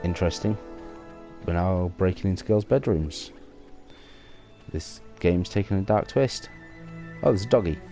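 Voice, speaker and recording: A man's voice: deep voice, expressive, measured pace, long pauses, dark tone, soft background music. A man giving let's play commentary on a video game, with dry, wry asides. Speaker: gaming video creator.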